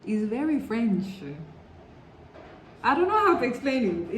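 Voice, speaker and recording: A woman with a slightly high, sing-song voice speaks a little slowly in a casual storytime vlog to camera. She rambles and fills her talk with "like" and "you know," with roomy echo and faint background noise around her.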